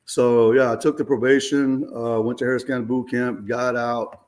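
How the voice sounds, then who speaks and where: A man's voice: medium pitch, normal speed. Man telling a story casually. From Houston, Texas area. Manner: animated, acts out quoted voices. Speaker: guest giving a testimony.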